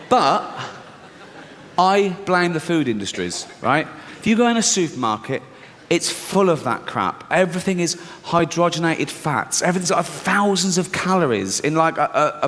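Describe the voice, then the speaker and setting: A man's voice: a little high, a bit bright, slight background noise. An English man doing a stand-up routine, telling a story in a brash, profane, mock-incredulous way. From England. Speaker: stand-up comedian. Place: live comedy venue. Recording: live stage recording in a reverberant hall with audience ambience.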